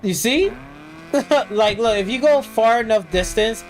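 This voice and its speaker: A man's voice: high voice, lively intonation, unhurried, a little hiss or hum, rough recording. A man streaming live gameplay commentary, ranting and swearing constantly, with loose, filler-heavy speech full of restarts. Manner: profane, ranting, complaining. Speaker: gaming streamer.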